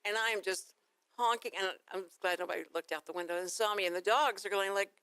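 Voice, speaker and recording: A woman's voice: medium pitch, quick pace, sharp tone, clear, resonant tone, no room sound. Texan lady radio host rambling thru stories, laughs a lot, dry studio mic sound. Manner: rambling, storytelling, laughs easily. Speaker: radio talk show host. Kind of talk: casual morning radio chat. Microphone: studio microphone.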